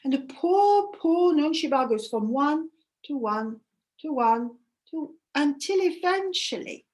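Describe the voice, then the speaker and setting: Woman storyteller, high voice, slow, dramatic, hushed to loud. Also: expressive. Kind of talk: oral storytelling workshop.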